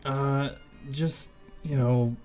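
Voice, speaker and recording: A man plays a starving rat whose voice creeps into a mind, sighing and stumbling over its words. It begs in a low, furtive, hesitant way, even in pitch with a touch of background music. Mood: pleading, furtive. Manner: sighing, halting, pleading. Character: hungry male rat speaking telepathically.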